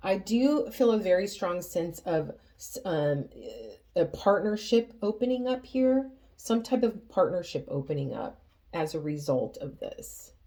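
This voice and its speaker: A woman reads tarot cards for her viewers in a slow, unhurried voice that sits a little low. She speaks earnestly and with feeling, often stopping to restart a thought. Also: animated, mellow. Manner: earnest, emotional, halting with many restarts. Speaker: tarot reader. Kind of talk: spoken tarot reading.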